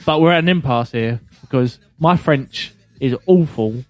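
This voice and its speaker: A man's voice: mid-range voice, unhurried, dry recording, faint music behind. A man hosting a podcast, chatting casually, swearing freely and acting out both sides of conversations. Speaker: podcast host. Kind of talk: casual chat.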